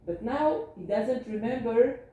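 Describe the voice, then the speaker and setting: A woman's voice: on the high side, animated, unhurried, warm tone, dull audio. A woman doctor giving a seminar lecture to caregivers, explaining earnestly with spoken examples in English. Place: seminar room. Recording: distant voice in an echoey room.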